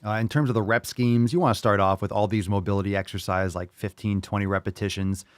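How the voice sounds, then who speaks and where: Brash, profane fitness podcast host. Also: male voice, fairly low pitch, fairly even intonation, quick pace, dry recording, clean studio sound. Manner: brash, joking, profane, enthusiastic. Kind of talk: casual podcast chat and training advice.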